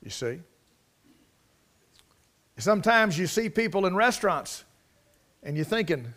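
A man's voice: high-pitched, big pitch swings, a little slow, pauses often. A man preaching a sermon, folksy and repetitive, rising to emphatic bursts. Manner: rises to emphatic, loud bursts.

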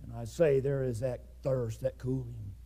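A man preaching a fiery sermon, swinging between loud shouted climaxes and hushed low passages. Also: fairly even intonation, moderate pace, creaky.

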